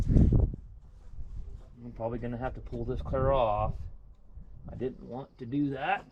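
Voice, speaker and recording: A man with a gravelly voice at an everyday pitch works on an engine and thinks aloud as he goes. He talks casually in a truck repair shop, with loud clanking tool noise behind him. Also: fairly even intonation, slow pace, pauses often, lo-fi sound. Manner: thinks aloud while working. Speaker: mechanic. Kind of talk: casual work vlog, talking while repairing.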